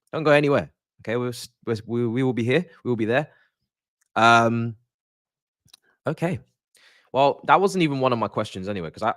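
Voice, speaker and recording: A man, hosting a live-stream pre-match chat as a football fan, in animated, exasperated, joking banter. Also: mid-range voice, no room sound, clean studio sound.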